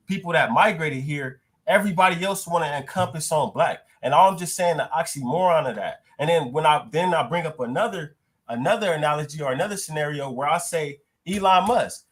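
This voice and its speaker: A man debates on a panel, blunt and quick to swear. His voice sits a little high for a man, and he pushes his points hard. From United States. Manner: blunt, profane, argumentative.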